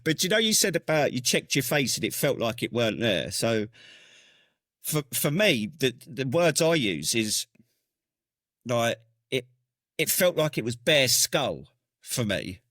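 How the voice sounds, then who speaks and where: A man's voice: mid-range voice, very animated, unhurried, pauses often, fairly bright tone, no room sound, studio quality. A man hosting a podcast, a fellow veteran, chatting in a laid-back, sweary way. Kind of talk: casual interview chat.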